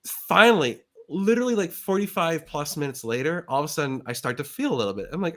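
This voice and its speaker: Guy, middle-aged, host on a live show, bright higher voice, excitable, acts out every voice in his stories. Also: quick pace, hardly any pauses. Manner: excitable, acts out quoted voices with big pitch jumps. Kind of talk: animated storytelling on a live show.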